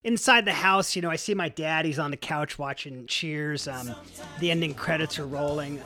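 A man's voice: on the high side, normal speed, sharp tone, faint music behind. A man telling a long personal story in a casual, profane way, full of "like" and "you know". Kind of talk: first-person storytelling monologue.

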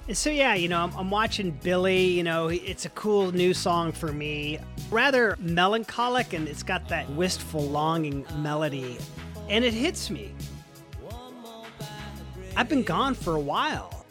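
A man's voice: high-pitched, animated, measured pace, music in the background. A man telling a long personal story in a casual, profane way, full of "like" and "you know". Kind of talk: first-person storytelling monologue.

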